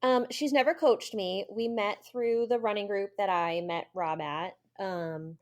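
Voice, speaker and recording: A woman's voice: mid-range voice, measured pace. Chatty woman, a runner, telling stories. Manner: chatty storyteller with frequent ums and laughs. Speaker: guest runner. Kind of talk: casual chat.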